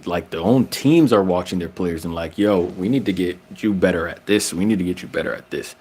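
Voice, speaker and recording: Slangy man riffing on basketball. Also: fairly low pitch. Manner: slangy, frequent restarts, rising when excited. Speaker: basketball commentator vlogger. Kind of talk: casual opinion vlog.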